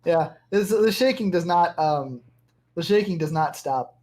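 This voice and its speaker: A man runs a tabletop game as its game master. He narrates casually, pausing and searching for his words, and he swears now and then. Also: fairly high pitch, expressive, a little mellow. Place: home room with other players.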